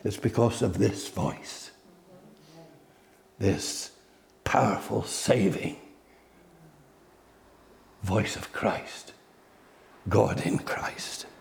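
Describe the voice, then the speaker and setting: A man preaching a sermon slowly, building to loud, emphatic peaks. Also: fairly low pitch, gravelly.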